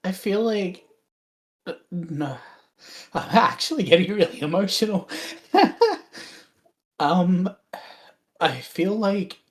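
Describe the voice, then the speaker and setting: A low-voiced woman talks through her turn in a tabletop game, slow and unhurried. She swears freely and fills her pauses with many hesitations. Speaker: player. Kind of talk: casual chat at a tabletop game.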